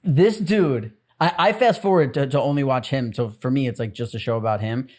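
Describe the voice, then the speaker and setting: A podcast co-host telling stories in an animated way, often laughing mid-sentence. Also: mid-range voice, a little fast. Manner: animated storyteller, laughs while talking. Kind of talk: casual chat.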